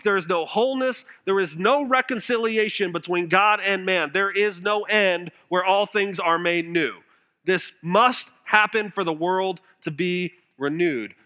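A man preaching with a high, bright, ringing voice. He presses earnest rhetorical questions at his listeners. His volume swings from strong emphasis down to near-hushed tones. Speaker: pastor. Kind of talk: sermon.

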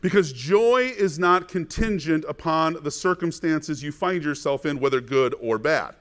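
High-voiced man preaching earnestly. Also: animated, unhurried, fairly bright tone. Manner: earnest, emphatic preaching with rhetorical questions to the congregation. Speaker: pastor. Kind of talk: sermon.

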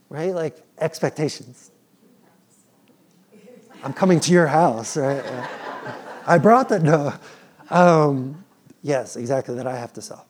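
A man in his thirties, a father, preaching a sermon in an animated, playful way and acting out his children's pleading. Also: a little high, slow pace, long pauses. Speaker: pastor.

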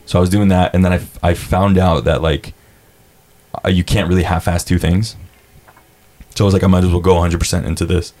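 A young man with a low voice talks casually as a podcast guest. He tells stories in a relaxed, rambling way, calls people dude, swears freely, and acts out what others said. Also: fairly quick, pauses often. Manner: laid-back storyteller, says dude a lot, swears, acts out quotes. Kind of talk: casual chat.

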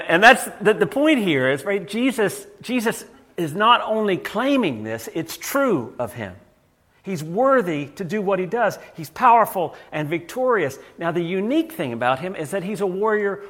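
A male pastor giving a sermon in a relaxed, conversational manner. His voice sits a little higher than most men's. He often stumbles over and repeats words as he explains his point. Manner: conversational preaching with frequent repeated words and restarts.

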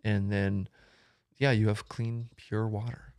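A man's voice: fairly low pitch, flat delivery, slow, darkish tone, dry recording, clean studio sound. A young man, a guest on a podcast, talking casually and rambling with many ums and restarts. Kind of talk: casual conversation.

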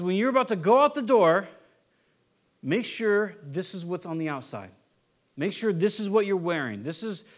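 High-voiced man preaching a sermon. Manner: conversational, repeats words when restarting, asks "right?". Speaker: pastor.

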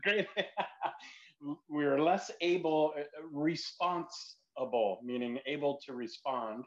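A man's voice: fairly high pitch, slow. A man co-hosting a podcast, talking casually in a rambling way and laughing often. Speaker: podcast co-host, Sunday school leader. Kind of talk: casual conversation. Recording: dull lo-fi audio.

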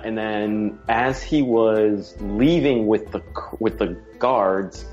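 A man telling a story in an excited, rambling way in a casual chat. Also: on the low side, muffled recording.

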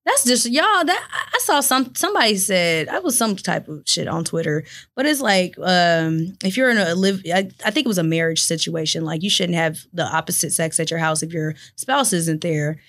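A woman's voice: on the low side, lively intonation, normal speed, hardly any pauses, fairly bright tone. Blunt, opinionated woman podcaster. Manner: blunt, opinionated, laughs often. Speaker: podcast co-host. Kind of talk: casual podcast chat.

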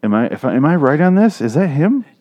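A man's voice: a little high, big pitch swings, fast talker, dull audio. A man giving rambling, crude, sarcastic commentary while watching a movie. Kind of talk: casual profane movie commentary. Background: movie audio playing.

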